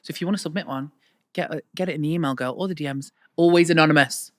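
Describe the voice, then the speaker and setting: A woman's voice: sits low, fast talker, dry recording, studio quality. A woman from London co-hosting a podcast in playful casual chat, often slipping into mock accents. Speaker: podcast co-host.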